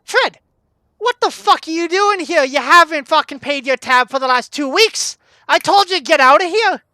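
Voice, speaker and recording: Bartender, male, angry and foul-mouthed, shouting and scolding; a man puts him on. Bright, dry sound. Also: sits high, animated, measured pace, no room sound. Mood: furious.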